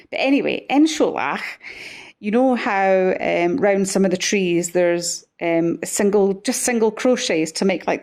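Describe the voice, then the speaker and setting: Slow, chatty woman teaching crochet. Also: lowish voice, darkish tone. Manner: chatty, self-deprecating, talks while stitching. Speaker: crochet tutor. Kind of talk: casual crochet tutorial.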